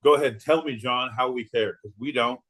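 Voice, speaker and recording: A man's voice: mid-range voice, a little fast, a bit bright. A man co-hosting a podcast, rambling through crude jokes and laughing often in casual banter. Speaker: podcast co-host.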